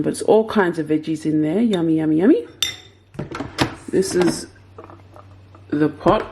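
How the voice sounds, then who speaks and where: A woman's voice: deep voice, background noise. A woman in her twenties with an Australian accent, chatting and giggling as she vlogs from her home kitchen on a handheld camera. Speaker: vlogger host. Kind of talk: casual vlog chat. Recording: echoey room.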